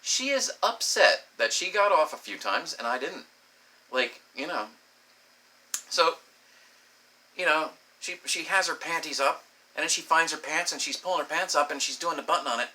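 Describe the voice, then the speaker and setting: Animated storytelling man, bright voice. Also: on the high side, moderate pace, poor audio. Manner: animated, acts out both sides of a dialogue. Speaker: vlogger. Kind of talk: casual storytelling.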